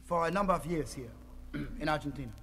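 A man's voice: a little high, fairly quick, gravelly, a little hiss or hum, voice pushed down. A man playing a blustering fake plantation owner. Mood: evasive. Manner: evasive, slips into boastful shouting. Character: blustering ex-German officer posing as a plantation owner.

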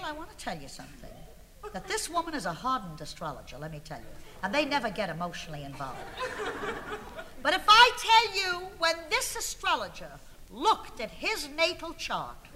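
A woman's voice: medium pitch, huge pitch swings, normal speed, big-room sound, background noise. A woman performing a comic monologue to a live audience, confiding and aggrieved, building to indignant outbursts. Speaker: comic storyteller.

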